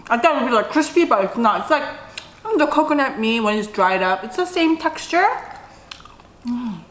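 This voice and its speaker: A middle-aged woman talks to her viewers in a loose, chatty way while she eats, with frequent humming "mm" sounds. Her voice sits a little high. The room around her gives off a clear echo with a faint hiss underneath. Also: expressive, moderate pace. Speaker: mukbang vlogger. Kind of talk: casual eating vlog chat. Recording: roomy echo.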